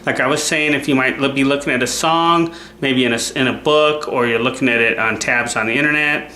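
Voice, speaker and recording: A man's voice: mid-range voice, brisk, slight background noise. A man giving a casual guitar lesson, who keeps checking in with the viewer by asking "okay?". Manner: relaxed, repeats "okay?" to check in. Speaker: guitar teacher. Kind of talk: casual instructional talk. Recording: roomy sound with loud guitar playing. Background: guitar playing.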